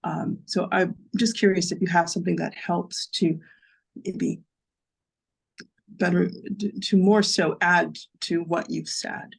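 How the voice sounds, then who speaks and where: A neighborhood commissioner asking a long question at a public meeting, polite and halting with many fillers. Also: mid-range voice, steady tone, vocal fry, slightly rough.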